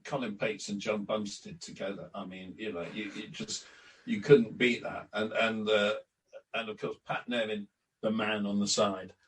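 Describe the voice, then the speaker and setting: A man's voice: lowish voice, fairly even intonation, moderate pace. Older man telling stories, set back from the mic. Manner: anecdotal, acts out quoted exchanges, frequent restarts. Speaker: interview guest, former club announcer and editor. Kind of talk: storytelling in a relaxed podcast interview. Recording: distant from the mic.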